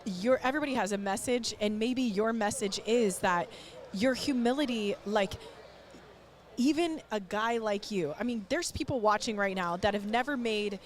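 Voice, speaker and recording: A woman's voice: medium pitch, moderate pace. A woman guest on a podcast, speaking earnestly and encouragingly in casual interview talk. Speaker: podcast guest, nonprofit founder.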